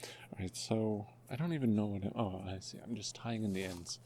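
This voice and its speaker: A man making his first ASMR video, talking in a soft, half-whispered voice that is hushed and self-mocking, and often apologizing. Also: fairly low pitch, lively intonation, a little fast, slight background noise. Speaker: ASMR creator.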